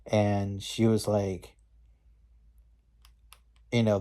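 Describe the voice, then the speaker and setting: Slow, mellow-voiced man rambling. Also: fairly low pitch, level tone. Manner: rambling, slangy, with many fillers and restarts. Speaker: movie reviewer. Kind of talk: casual scene-by-scene movie recap.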